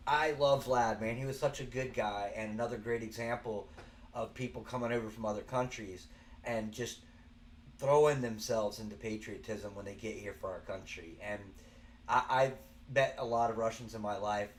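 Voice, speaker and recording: A man's voice: fairly low pitch, steady tone, normal speed, slight background noise. A man with a Southern American accent hosting a show, giving earnest, rambling commentary with frequent restarts. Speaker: show host. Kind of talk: casual spoken commentary.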